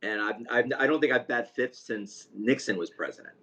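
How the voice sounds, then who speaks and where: A man co-hosting a casual sports podcast, easygoing and quick to laugh. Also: mid-range voice, sharp tone. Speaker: podcast co-host. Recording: dull lo-fi sound.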